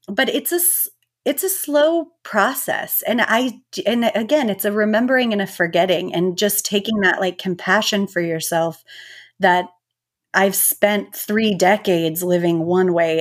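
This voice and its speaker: A woman in her thirties, a mindfulness teacher, talking as a guest in a relaxed, reflective way with lots of filler words. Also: lowish voice. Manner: reflective, gentle, many filler "likes". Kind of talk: casual interview talk.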